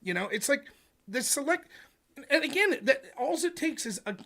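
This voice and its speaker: A man hosting a livestream, talking politics in an animated, profane rant. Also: extremely high pitch, normal speed. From United States. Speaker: livestream host. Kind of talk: casual political chat.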